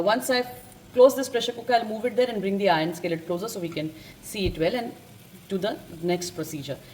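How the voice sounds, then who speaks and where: A woman hosting a home cooking lesson, chatty and correcting herself as she explains each step in her kitchen. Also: medium pitch. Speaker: cooking channel host. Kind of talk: casual cooking demonstration. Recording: loud kitchen noise behind. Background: frying and sizzling sounds.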